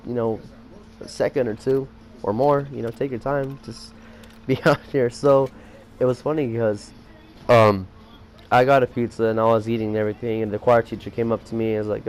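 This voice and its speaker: A man's voice: mid-range voice, a little hiss or hum. A teenage boy rambling through a story about his school day, with many fillers and restarts. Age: teens. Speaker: vlogger. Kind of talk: casual storytelling vlog.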